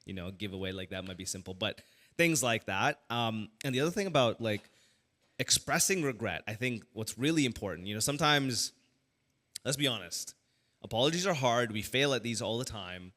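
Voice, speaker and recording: A man, a pastor, giving a casual teaching talk to a church audience, animated and full of fillers and restarts. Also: mid-range voice, normal speed.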